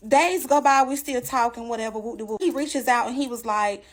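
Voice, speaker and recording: Woman storyteller, fairly high voice, emphatic and animated, addresses the audience directly. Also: normal speed. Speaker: storyteller giving a testimony. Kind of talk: casual storytelling to viewers.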